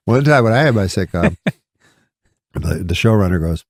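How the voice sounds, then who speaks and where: Deep, gravelly man telling meandering stories. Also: moderate pace, long pauses, no echo. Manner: meandering, deadpan, chuckles at his own stories. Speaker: comedian guest. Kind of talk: casual anecdote storytelling.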